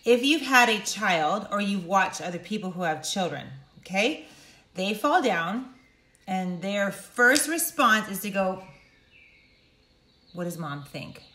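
A middle-aged woman coaching viewers directly, emphatic and animated, acting out quotes in sudden high voices. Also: unhurried, reverberant. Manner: animated, emphatic, acts out quotes with big pitch jumps. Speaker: speaker and coach. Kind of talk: direct-to-camera talk.

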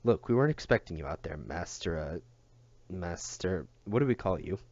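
A man voicing a gruff, menacing male farm patrolman in a storybook reading, snarling and blunt. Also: low-pitched, expressive, normal speed, a little mellow, dry recording, dull audio. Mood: placating.

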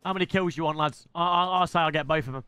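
A young man commentating his own live game stream, excitable and swearing, often shouting at other players. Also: on the high side, quick pace, clear, resonant tone, dry recording.

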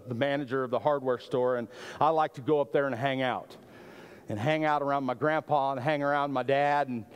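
A middle-aged man, a lead pastor, preaching a storytelling sermon in an animated way, often repeating words as he starts a phrase. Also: on the high side, in a large hall.

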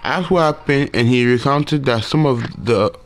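A man reading aloud the lines of a calm older male monk from a video game, stumbling and rereading words as he goes. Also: mid-range voice, moderate pace, natural voice. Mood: recounting.

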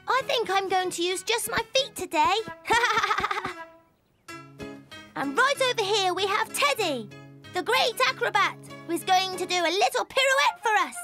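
A woman voicing a cheerful, curious little boy donkey in a cartoon, speaking slowly and gently. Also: extremely high pitch, expressive, heavily acted. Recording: children's music playing behind.

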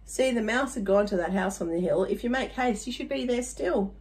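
A woman's voice: mid-range voice, a little fast, darkish tone. A woman reading a rhyming picture book aloud to children, adding chatty little asides to her listeners.

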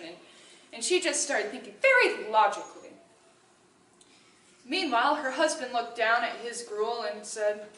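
A woman telling a story to a live audience in an animated, playful way. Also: a little high, unhurried. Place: indoor event hall. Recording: roomy hall from far off.

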